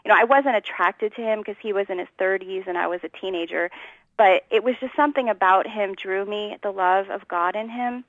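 A woman's voice: medium pitch, a little fast, a bit bright, no room sound, muffled recording. A woman earnestly telling her personal testimony in a conversation, acting out the voices of people in her story. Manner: earnest storytelling, acts out quotes, laughs often.

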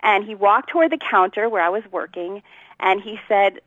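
A woman from New Jersey, a guest telling her personal story in a lively, conversational way and laughing often. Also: medium pitch, normal speed, no room sound, lo-fi sound. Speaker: interview guest.

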